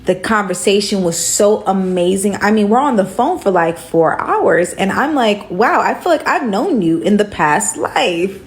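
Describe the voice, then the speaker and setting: A young woman telling a casual storytime story in slangy speech, acting out the dialogue with sudden jumps up in pitch. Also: expressive, measured pace, hardly any pauses.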